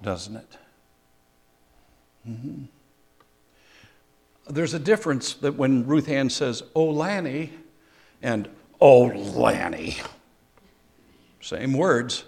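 An older man preaching a sermon as a pastor, conversational, with dry humor and pauses. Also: mid-range voice.

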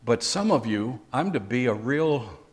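An older man preaching a sermon as a pastor, conversational, with dry humor and pauses. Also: mid-range voice, animated, breathy edge.

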